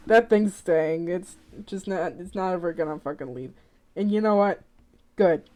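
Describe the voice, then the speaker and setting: A woman's voice: fairly low pitch, moderate pace, warm tone. A woman streamer chatting casually on a live stream, rambling, swearing freely and laughing often.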